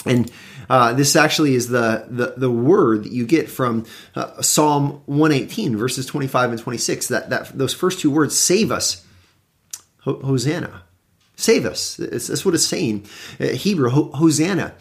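A man who is a pastor, giving a conversational Bible teaching in a relaxed, explanatory way, with frequent fillers and restarts. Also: medium pitch, moderate pace. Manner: reads scripture aloud with rising emphasis.

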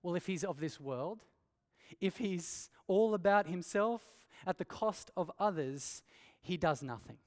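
A man's voice: sits high, lively intonation, measured pace, a little mellow. A man preaching an earnest sermon, asking rhetorical questions and pressing his points with emphasis. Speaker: pastor. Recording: long hall reverb.

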